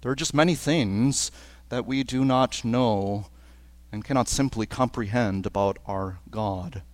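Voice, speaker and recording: A man preaching a sermon as pastor at a church service, earnest and slowing down on key phrases. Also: medium pitch, no room sound. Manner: earnest, with slowed emphatic phrases. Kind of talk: liturgical sermon.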